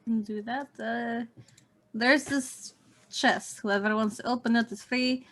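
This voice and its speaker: A woman playing a tabletop game, speaking in a quiet, matter-of-fact way. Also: on the high side, fairly even intonation, slow. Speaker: player. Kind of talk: casual tabletop role-play.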